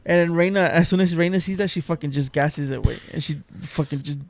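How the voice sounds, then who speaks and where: A man with a somewhat high, gravelly voice tells a story with excited slang. The sound is dry and close. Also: fast talker, dry recording. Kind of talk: casual chat.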